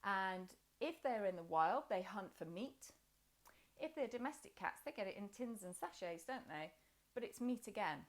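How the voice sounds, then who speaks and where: A woman's voice: mid-range voice, animated, normal speed. A woman guiding a children's yoga and movement class, encouraging and playful as she talks the class through each pose. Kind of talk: guided class instruction.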